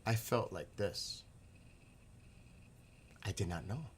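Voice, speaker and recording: A man's voice: fairly low pitch, takes it slowly, slight background noise. A middle-aged man from the northeastern US telling rambling, profane stories in a casual monologue. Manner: rambling, profane, animated retelling.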